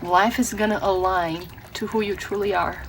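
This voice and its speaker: A woman's voice: medium pitch, fairly even intonation, normal speed, creaky, over music, rough recording. A woman from Brazil giving a tarot reading, earnest and emotional, often restarting her words. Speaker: tarot reader.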